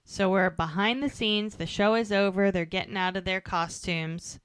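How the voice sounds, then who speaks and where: A woman's voice: medium pitch, moderate pace, clear, resonant tone, no echo, clean studio sound. A woman co-hosting a podcast, animatedly retelling a TV episode scene by scene in casual chat. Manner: animated retelling, quotes characters' lines. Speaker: podcast co-host recapping an episode.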